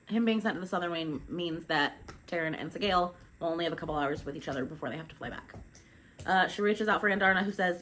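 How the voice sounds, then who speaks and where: A woman casually recapping a novel chapter by chapter, chatty and informal with quick asides and the odd swear, recording at home. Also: fairly low pitch, a bit bright, a little hiss or hum. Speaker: book recapper.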